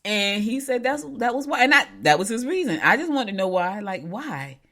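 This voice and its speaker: A woman's voice: fairly high pitch, animated, moderate pace, a bit bright. A middle-aged woman hosting a local show, telling stories in a rambling, chatty way. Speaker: local radio show host. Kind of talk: casual chat.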